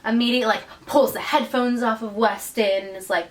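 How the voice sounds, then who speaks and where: A woman's voice: mid-range voice, fairly quick, hardly any pauses, far from the mic, poor audio. A woman co-hosting a podcast, casually retelling a book's plot and acting out the characters' lines. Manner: animated storyteller, acts out characters' lines. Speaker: podcast co-host.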